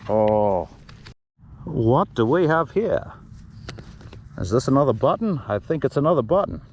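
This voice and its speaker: A man hosting a metal detecting video, talking casually and excitedly about his finds while out on a field. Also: medium pitch, unhurried, lo-fi sound, slight background noise. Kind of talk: casual outdoor commentary. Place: outdoors on a field.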